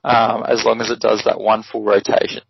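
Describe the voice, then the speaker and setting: A man's voice: on the low side, completely flat delivery, a little fast, gravelly, breathy edge, no room sound. A man co-hosting a casual sports podcast, explaining things at an easy pace with plenty of ums. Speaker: podcast co-host. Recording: dry, dull lo-fi podcast audio.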